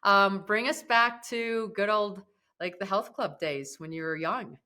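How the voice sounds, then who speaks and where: A woman's voice: medium pitch, measured pace, pushed and bright. A woman hosting a podcast interview who sounds effusive and enthusiastic. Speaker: podcast host. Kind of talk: casual interview.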